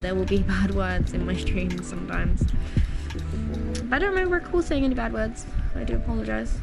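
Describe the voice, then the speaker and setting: A woman's voice: mid-range voice, a little fast. A British woman chatting casually to her viewers while she plays a game, giggling often. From Britain. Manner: chatty and giggly, talks to chat. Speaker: streamer. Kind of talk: casual live-stream chat while gaming. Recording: clear background music. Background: music.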